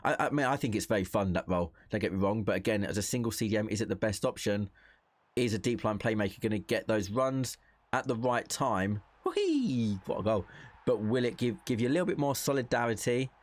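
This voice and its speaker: Relaxed low-voiced man commentating gameplay. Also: fast, no room sound. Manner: thinks aloud, relaxed and chatty, reacts to play. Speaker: gaming content creator.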